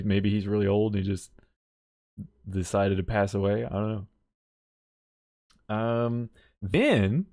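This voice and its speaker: A man's voice: mid-range voice, no echo, clean studio sound. A man casually recapping and commenting on a video game story, rambling and correcting himself as he goes, with frequent chuckles.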